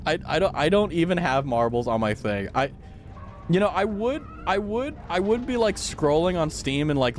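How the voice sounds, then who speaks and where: A man's voice: on the high side, slight background noise. A man streaming a game, chatting casually and joking at his own expense. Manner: joking, rambling, self-mocking. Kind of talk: casual chat.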